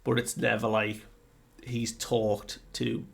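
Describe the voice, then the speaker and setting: A man's voice: medium pitch, flat delivery, slow, gravelly, fairly bright tone, breathy edge. A man hosting a casual comic review, laid-back, laughing often and acting out scenes.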